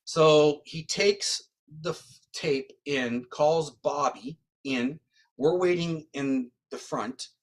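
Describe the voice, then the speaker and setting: This man speaks slowly in a fairly high voice while telling a story during an interview. A psychic medium and criminal profiler by trade, he retells events animatedly and often adds "right?" to his sentences.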